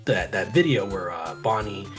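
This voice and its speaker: A male stream host talking casually and rambling as he goes, often correcting himself. His voice sits low, with faint music behind it. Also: expressive, normal speed. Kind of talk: casual live stream chat.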